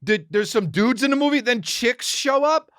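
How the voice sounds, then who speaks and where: A man hosting a podcast, riffing in a rambling comic monologue, excitable and profane, with quick acted asides. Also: very high-pitched, no echo, studio quality. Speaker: podcast host.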